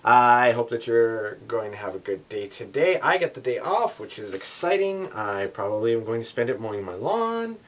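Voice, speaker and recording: A young man from Canada ranting casually in a daily vlog, animated and swearing, wet from the shower. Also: medium pitch, normal speed, few pauses, a little hiss or hum. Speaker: vlogger.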